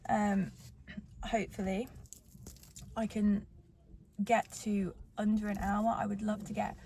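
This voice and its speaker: A woman's voice: medium pitch, fairly even intonation, unhurried, gravelly, mellow, a little hiss or hum. A young woman chatting casually to her phone camera in a car park after a race, rambling and upbeat. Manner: chatty, rambling, cheerful self-talk. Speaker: vlogger. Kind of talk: casual vlog chat.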